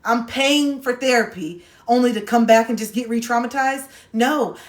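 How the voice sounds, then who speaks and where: A woman's voice: fairly high pitch, moderate pace. A young adult woman giving advice on a phone livestream, talking bluntly, directly and with sarcasm. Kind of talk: casual livestream advice talk. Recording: roomy echo.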